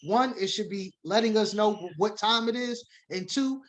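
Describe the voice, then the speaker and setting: A man's voice: sits high, normal speed, low-quality recording. A man teaching a sermon-style Bible lesson to a congregation, reading scripture aloud and defining words, switching between emphatic preaching and casual asides.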